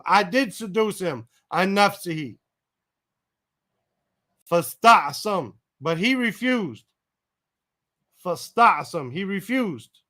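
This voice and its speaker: A fairly high-pitched man leads a Quran translation class. He reads a short Arabic phrase, then restates it in English several ways, one word at a time. Now and then he stops to fix a slip or think through a point of grammar out loud. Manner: pauses to self-correct and check grammar aloud. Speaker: Quran teacher.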